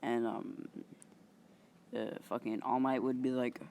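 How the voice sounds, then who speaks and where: Male channel host, unhurried and rambling, filler-heavy improvised storytelling, faint hum behind. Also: medium pitch, little pitch movement, creaky, a little mellow. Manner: halting and rambling, many fillers and mild swearing.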